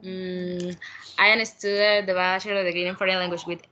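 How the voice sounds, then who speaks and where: A nervous woman, haltingly introducing herself in English as a student. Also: lowish voice, level tone, pushed and bright, highs cut off, a little hiss or hum. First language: Spanish. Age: 20s. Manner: nervous, halting, laughs often. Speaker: language student. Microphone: video call.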